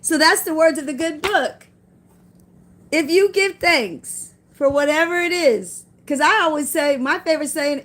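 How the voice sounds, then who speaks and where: A middle-aged woman with a high-pitched voice talks about faith in a casual vlog. She speaks in a folksy, preachy way, and she comes back to the same lines again and again to drive them home. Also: moderate pace, fairly bright tone. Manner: folksy, preachy, repeats phrases for emphasis. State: tearful at times. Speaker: vlogger. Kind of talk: casual spiritual talk with scripture.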